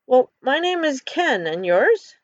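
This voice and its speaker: A woman voicing a frightened young man running from a monster dog, her voice pushed high and shrill. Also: big pitch swings, slow pace, no room sound, heavily acted. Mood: relieved. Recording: dull lo-fi recording.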